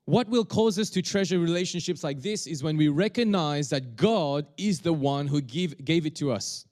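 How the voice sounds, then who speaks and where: A male pastor preaching a sermon, talking in a halting way with many restarts and fillers. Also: fairly high pitch, a little mellow.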